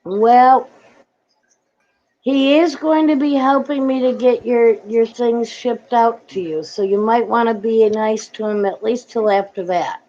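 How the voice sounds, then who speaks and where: A woman's voice: fairly high pitch, measured pace, mellow, muffled recording. A woman from Queens, matter-of-fact and teasing in a casual livestream chat over a video call. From Queens, New York.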